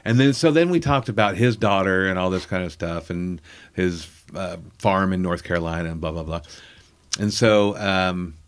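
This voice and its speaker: A fairly low-voiced man tells a loose, rambling story as a guest. He circles back with fillers and asides, in the relaxed rhythm of a comedian chatting. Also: moderate pace, smooth. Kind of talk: casual anecdotal storytelling.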